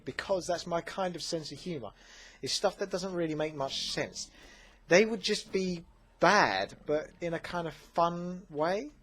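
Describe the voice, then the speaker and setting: Rambling young man answering viewer questions. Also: fairly high pitch. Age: 20s. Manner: rambling, self-correcting, chatty. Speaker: gaming channel host. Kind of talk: casual Q&A commentary.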